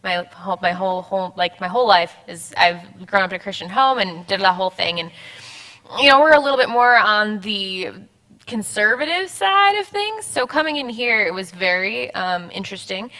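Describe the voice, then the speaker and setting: A young woman in casual church chat, talking in halting, rambling bursts with frequent laughs. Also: mid-range voice, expressive, sharp tone. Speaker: church member guest.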